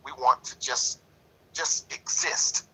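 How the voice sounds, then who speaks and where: A man's voice: mid-range voice, steady tone, slow, sharp tone, breathy edge, poor audio. A man in a lodge discussion talking in a preachy, emphatic way, repeating himself and leaning on "you know". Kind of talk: passionate casual discussion.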